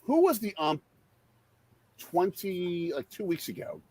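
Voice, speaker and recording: A middle-aged man hosting a casual live-stream chat, a father who talks through a baseball game with quick excitable outbursts. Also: sits high. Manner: animated, excitable, jumps into loud outbursts. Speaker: podcast host and father.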